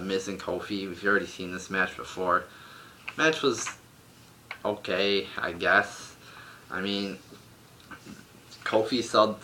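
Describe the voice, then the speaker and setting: A man's voice: sits low, bright, forceful tone, slight background noise. A young man reviewing a wrestling show at home, ranting bluntly with a lot of swearing. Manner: profane, blunt, exasperated ranting. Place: home room.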